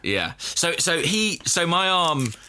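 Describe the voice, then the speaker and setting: A male co-host of a football podcast takes it slowly while telling a long, self-deprecating story in casual chat, laughing at his own mishaps. His fairly high voice is sing-song and smooth, with a sharp tone.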